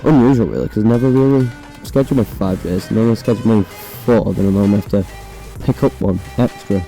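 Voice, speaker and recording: A young man with a hoarse, croaky voice, chatting casually and swearing while riding a motorbike, recorded on a phone inside his helmet. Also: on the low side, quick pace, warm tone, faint music behind, rough recording. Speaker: motovlogger. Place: on a motorbike on city roads.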